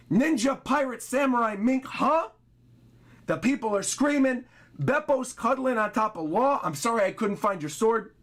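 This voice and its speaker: Young male streamer with a high voice, reading panels aloud dramatically and excitedly. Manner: excitable, reads dialogue dramatically with long drawn-out pauses. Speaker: streamer reacting to a manga chapter.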